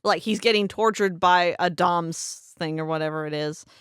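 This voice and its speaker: A woman's voice: lowish voice, moderate pace, smooth, no room sound, clean studio sound. A young woman co-hosting a podcast, chatting casually and acting out characters' lines as she retells scenes. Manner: animated, acts out characters' lines in her retelling. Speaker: podcast co-host. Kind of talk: casual chat.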